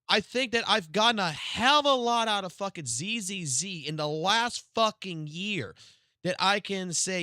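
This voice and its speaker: Profane, excitable male game streamer. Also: on the high side, dry recording, studio quality. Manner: profane, excitable, swings from mutters to loud outbursts. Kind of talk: live stream reaction rant.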